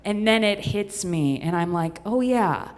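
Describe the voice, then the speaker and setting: A woman's voice: on the low side, a little slow. A woman from the Midwest telling a comedic story on stage, chatty and self-deprecating, with rambling asides. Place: stage in a venue with an audience. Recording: long hall reverb.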